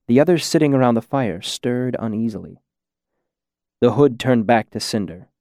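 A man narrating a fantasy story in a measured, deliberate reading. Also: medium pitch, animated, mellow, no room sound, studio quality. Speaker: audiobook narrator.

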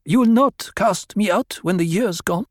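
Man putting on a high pleading desert woman. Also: a little slow, no echo, studio quality. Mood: wary. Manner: pleading, insistent, high put-on voice. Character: proud young desert woman, anxious.

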